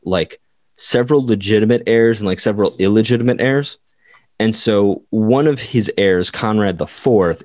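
Podcast co-host, man, fairly deep voice, loose chatty history telling, dry close sound. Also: darkish tone, no echo. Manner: rambling, full of "like", acts out quotes. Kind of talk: casual history storytelling.

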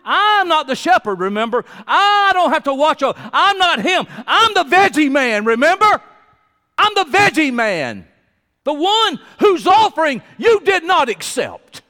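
Bitter, sarcastic Cain, as a male preacher puts him on, high-pitched and sneering, echoing in a big reverberant hall. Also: very animated, a little slow, bright, forceful tone, full character voice. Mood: sarcastic, scornful. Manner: mocking, sneering questions. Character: sarcastic bitter biblical man Cain, resentful and scornful.

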